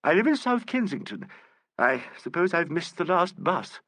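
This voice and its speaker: A man's voice: fairly high pitch, very animated, normal speed, a bit bright, dry recording, pitched above the performer's own voice. A man reading the part of a cheerful, modest, plump older actress.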